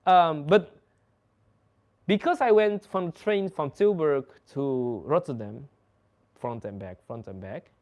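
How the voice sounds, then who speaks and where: A man's voice: fairly high pitch, takes it slowly, long pauses. A young man from the Netherlands, hosting a casual chat and telling stories in a loose, swearing, laughing way. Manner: animated, swearing, laughing storyteller. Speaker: host.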